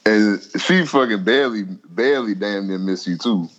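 A man's voice: lowish voice, moderate pace, highs cut off. A man teasing his friends in casual chat. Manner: teasing, chiming in with jokes.

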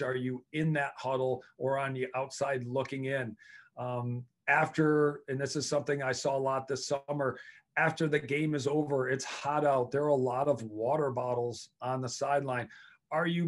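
Male coach, podcast guest, earnest and thoughtful, trips over repeated words, mid-range voice. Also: medium pitch. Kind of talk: casual interview talk.

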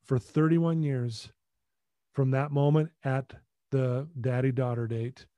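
A man telling a personal story as a podcast guest, in an emphatic, animated way. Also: mid-range voice, slow pace, no echo.

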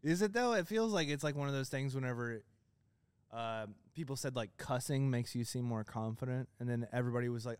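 A young man co-hosting a casual comedy podcast, playful and quick to jump into bits. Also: medium pitch, clear, resonant tone, no echo. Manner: playful, jumps into bits and silly voices. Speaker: podcast co-host.

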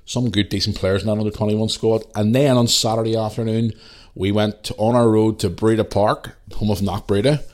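Hosting his podcast in a casual monologue, a Northern Irish man tells stories in a blunt, opinionated style with his native accent. He speaks at a moderate pace in a fairly low, darkish voice with a steady tone.

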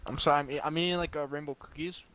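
A man's voice: fairly high pitch, fairly even intonation, rapid-fire, a bit bright. A young man telling crude, boastful stories in casual chat with friends.

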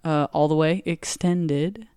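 Blunt woman, smooth low voice. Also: takes it slowly, dark tone, no room sound, clean studio sound. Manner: blunt, teasing. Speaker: podcast co-host. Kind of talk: casual chat.

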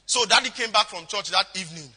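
Animated Nigerian preacher, high bright voice. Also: male voice, quick pace, husky. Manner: animated, switches into pidgin, acts out voices. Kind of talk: storytelling sermon. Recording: echoey hall.

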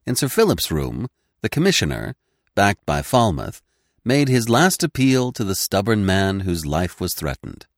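A man reading a classic crime story aloud as narrator, lively and giving each character their own voice. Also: lowish voice, measured pace, dry recording, studio quality. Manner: animated, voicing each character in turn. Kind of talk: scripted audiobook narration.

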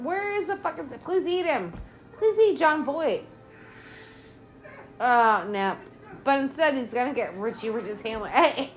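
Woman, casual movie commentary, exasperated, swearing, fairly high voice, faint background hiss. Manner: lively, exasperated, heavy swearing. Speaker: podcast host.

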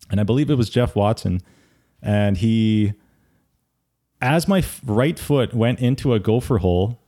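A young man chatting casually with a friend, telling a story with lively detail and frequent laughter. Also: mid-range voice. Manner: animated storyteller, laughs often.

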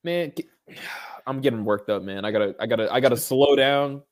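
A man's voice: mid-range voice, moderate pace. Ranting man on a podcast. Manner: animated, swears and rants. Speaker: podcast co-host. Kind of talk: casual chat.

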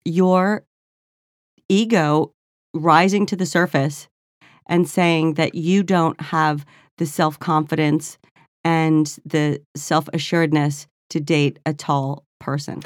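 A woman with a slightly low voice co-hosts a casual podcast and needles her partner with quick comebacks. Her voice sounds dry and close-miked. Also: steady tone, no room sound. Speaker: podcast co-host. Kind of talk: casual chat.

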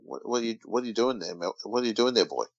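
Australian male podcast co-host, lowish voice, teasing, reads news aloud; dull lo-fi sound. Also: animated, quick pace, no room sound. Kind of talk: casual podcast chat. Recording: dull lo-fi dry recording.

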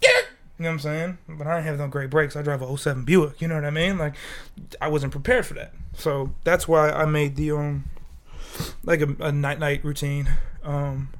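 A man's voice: on the high side, steady tone, normal speed. A sick young man co-hosting a podcast, rambling in casual, profane chat and laughing often. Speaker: podcast co-host.

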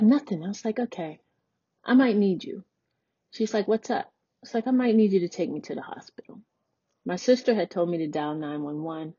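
A woman's voice: mid-range voice, dark tone, husky, no echo, dull audio. Candid forty-year-old woman telling a story. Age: 40s. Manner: candid, conversational, acts out quoted dialogue. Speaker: podcast host. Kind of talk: personal storytelling monologue.

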